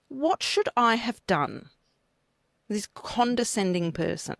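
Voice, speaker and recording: A woman's voice: fairly low pitch, takes it slowly, creaky, pauses often, no room sound, studio quality. An Australian woman co-hosting a casual chat show, telling stories bluntly and with plenty of swearing. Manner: animated, blunt storytelling with swearing. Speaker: podcast co-host.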